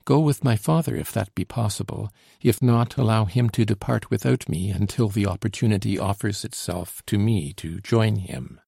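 Young noblewoman in hiding, formal, gentle, read by a man, gravelly, husky. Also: lowish voice, normal speed, few pauses, no echo, clean studio sound. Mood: earnest. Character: young female aristocrat in hiding, earnest and gracious.

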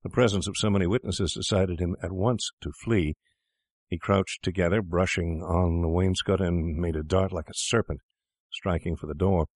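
A man narrates an old tale at a measured pace, with a very low, deep voice. The recording is dry and close, with no room sound. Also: steady tone, no room sound. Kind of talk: scripted narration of a classic story.

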